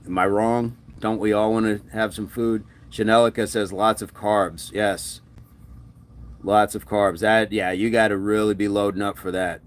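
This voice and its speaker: A man's voice: fairly low pitch, steady tone, normal speed. A man hosting a casual live stream, upbeat and laughing often as he reads out viewer comments. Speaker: fitness streamer.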